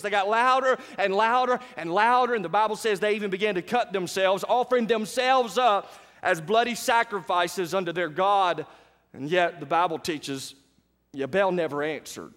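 A male pastor, preaching in an animated storytelling way and asking the congregation questions as he goes. His voice sits high for a man. The sound carries a long reverb from a large church hall. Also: moderate pace. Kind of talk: sermon.

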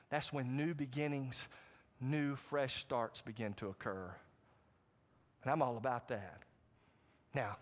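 A middle-aged man preaching, his voice sitting a little high. He swings between loud, excited bursts and quiet, slowed-down points, and often turns to check in with his congregation. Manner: animated preaching with sudden loud rises and asides to the congregation. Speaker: pastor. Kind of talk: sermon.

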